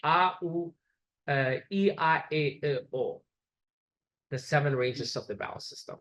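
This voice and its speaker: A man's voice: on the high side, measured pace, a bit bright, poor audio. Man lecturing patiently to a class. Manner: patient, explanatory, repeats examples for the class.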